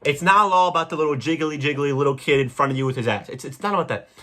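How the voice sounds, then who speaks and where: A young man hosting a podcast, delivering a crude, rambling comedic monologue with sudden loud jumps. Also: fairly high pitch, quick pace. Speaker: podcast host.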